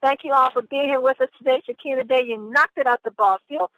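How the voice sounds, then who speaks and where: A woman with a fairly high voice hosts a conference call, upbeat and affectionate, calling her listeners family. The sound is dull and muffled like a phone line, with a dry, close feel. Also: steady tone, quick pace, no room sound. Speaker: host.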